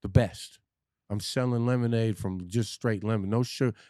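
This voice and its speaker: A man's voice: fairly low pitch, fairly even intonation, normal speed, mellow, no room sound. Blunt, dry-recorded man telling his story. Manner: blunt, profane, with frequent restarts. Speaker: podcast guest. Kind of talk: candid personal storytelling.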